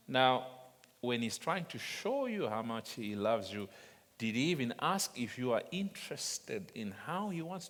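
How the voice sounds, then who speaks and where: Male preacher, unhurried, animated, humorous storyteller who chuckles, sermon in a reverberant hall. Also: medium pitch. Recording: long reverb of a large hall.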